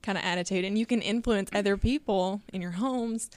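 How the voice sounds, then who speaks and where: A woman's voice: medium pitch, fairly quick, dry recording. A young woman co-hosting a casual faith discussion, earnest and chatty, laughing often. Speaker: podcast co-host.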